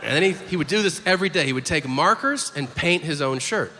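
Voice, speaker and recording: A male stand-up comedian in his forties, telling stories with a lively, swooping, fairly high voice and breaking into shrill character outbursts. He is recorded live on stage, the sound ringing with long hall reverb over constant room noise. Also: fast talker. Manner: animated storytelling, acts out characters with sudden high-pitched outbursts. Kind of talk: stand-up routine. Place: large comedy venue with audience.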